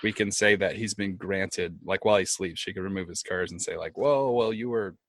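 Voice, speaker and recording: A man playing a tabletop game, joking around in animated, profane banter. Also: deep voice, a little fast, no echo. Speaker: player.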